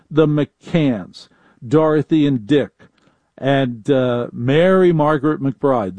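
A man hosting a live call-in talk radio show, talking in a chatty, wry way. His voice is mellow and warm, recorded close and dry with no room sound. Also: mid-range voice, no echo. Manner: chatty, wry, repeats phone numbers. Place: home studio in a laundry room.

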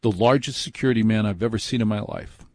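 A man's voice: fairly low pitch, fast, no echo. A man hosting a late-night radio show, telling a story in a chatty, self-deprecating, rambling way from a studio mic.

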